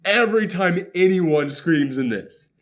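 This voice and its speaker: A man's voice: high voice, lively intonation. Sarcastic, laughing male movie podcast host. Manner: sarcastic, laughing, acts out scenes in quick put-on voices. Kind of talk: casual movie reaction chat.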